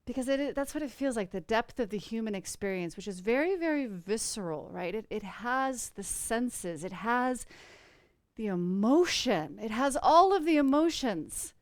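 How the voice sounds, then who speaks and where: Woman host talkin about spirit stuff, smooth clear voice, dry close sound, lots of "you know". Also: medium pitch, dry recording. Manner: earnest, flowing, many "you know" fillers. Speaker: podcast host. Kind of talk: spiritual conversational chat.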